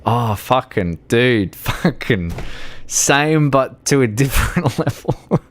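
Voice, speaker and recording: A man's voice: medium pitch, lively intonation, slow pace. A man streaming a game, tipsy, rambling and emotional, laughing often and swearing casually. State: tipsy from alcohol. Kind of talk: casual gaming stream chat.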